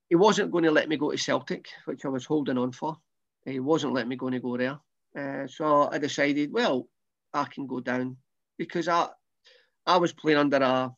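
A middle-aged man with a softened Scottish accent tells his story in a loose, rambling way, often repeating himself and restarting sentences. His voice sits a bit high and has a gravelly edge. The recording sounds slightly dull and lo-fi. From Scotland. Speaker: former footballer, guest. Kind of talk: casual storytelling interview.

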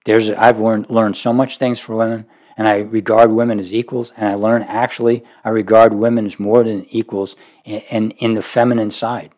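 A man preaching a sermon, speaking emphatically with sudden rises and low drops. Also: little pitch movement, normal speed, hardly any pauses. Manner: emphatic, rising to forceful peaks then dropping low.

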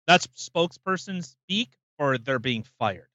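A man's voice: on the high side, expressive, unhurried, bright, forceful tone, no echo, dull audio. A man co-hosting a podcast, ranting emphatically and swearing freely in casual chat. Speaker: podcast co-host.

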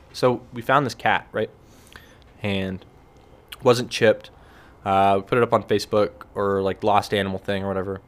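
A man hosting a casual solo podcast, telling stories in a rambling, wry way and acting out what other people said. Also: on the low side. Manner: rambling, wry storytelling with lively acted-out quotes. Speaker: podcast host. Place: relaxed evening setting with a cigar and beer.

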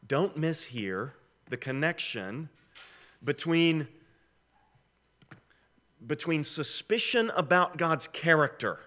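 Bright-voiced man preaching a sermon. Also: fairly high pitch, expressive, takes it slowly, long pauses. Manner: conversational, emphatic preaching with rhetorical questions. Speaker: pastor.

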